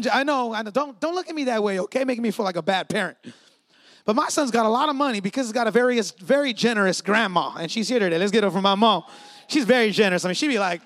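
A man in his thirties, a pastor giving a lively, conversational sermon in church and joking with the congregation. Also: high voice, no room sound.

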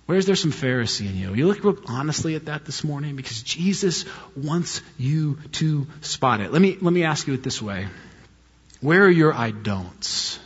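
A middle-aged man preaching a sermon as a pastor, telling a story in a lively way and mimicking high-pitched voices in his quotes. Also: breathy edge. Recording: dull audio with long hall reverb.

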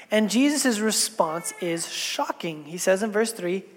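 A woman's voice: medium pitch, animated, unhurried, few pauses. Woman pastor preaching in a reverberant hall. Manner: conversational storytelling with casual asides. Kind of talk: sermon. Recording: long reverb in a large hall.

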